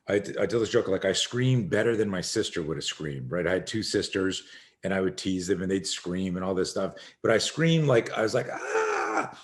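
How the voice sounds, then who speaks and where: Low-voiced man telling an animated story. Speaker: podcast guest, self-defense instructor. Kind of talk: storytelling in a podcast interview.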